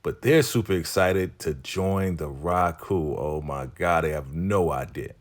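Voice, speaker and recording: A man's voice: deep voice, a little slow. A man hosting a casual, chatty episode recap, amused and talking straight to his viewers.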